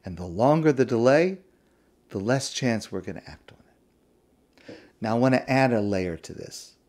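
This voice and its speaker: A man's voice: mid-range voice, animated, a little slow, a little mellow. A man, a rabbi, giving a weekly Torah talk, stressing key words by repeating them.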